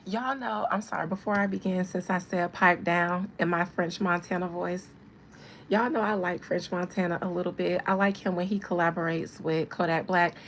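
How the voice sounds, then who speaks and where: A woman's voice: on the low side, steady tone, normal speed, slight background noise, low-quality recording. A woman in her thirties reading tarot on a casual livestream, chatting with viewers and laughing often. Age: 30s. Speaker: tarot reader.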